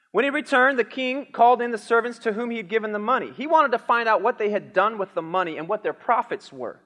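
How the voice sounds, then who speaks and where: A man preaching a sermon, lively and animated, dramatizing a Bible story with booming lines for the king. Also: long reverb tail. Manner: animated, acts out the king's lines with shouts. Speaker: pastor.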